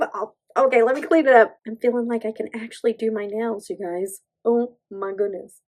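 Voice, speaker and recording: A woman's voice: a little high, fairly even intonation, a little fast, hardly any pauses, darkish tone, poor audio. A woman, chatting casually through a nail stamping tutorial and gushing to her viewers as she works. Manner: bubbly, gushing, talks to viewers as "you guys". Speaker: beauty vlogger.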